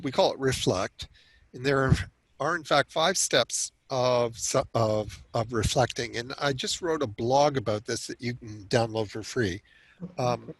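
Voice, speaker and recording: An older Canadian man appears as a guest expert on self-regulation, explaining things earnestly and conversationally, often restarting words when emphasizing a point. His voice is mid-range and fairly bright, recorded at low quality with no room sound.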